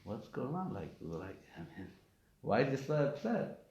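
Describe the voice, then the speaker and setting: A man's voice: medium pitch, sing-song, a little slow, a little mellow. A man, a rabbi, giving a weekly class, telling stories and asking rhetorical questions with emphasis. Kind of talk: weekly Torah class lecture. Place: live class in a community center. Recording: echoey room, dull lo-fi sound.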